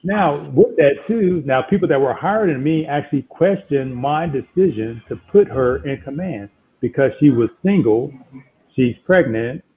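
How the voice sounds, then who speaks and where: A man's voice: fairly high pitch, moderate pace, a little hiss or hum. Emphatic man on a tinny line. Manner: animated, emphatic, retells exchanges with repeated "I'm like". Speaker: guest. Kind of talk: conversational storytelling.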